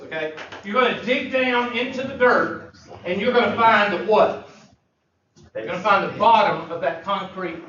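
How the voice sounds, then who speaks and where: High-voiced guy teaching math, jokey, far off in an echoey classroom. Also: a bit bright, slight background noise. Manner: joking, folksy, drawled Southern phrasing. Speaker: math instructor. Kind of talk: classroom lecture. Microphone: far room mic. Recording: echoey, distant, muffled classroom recording.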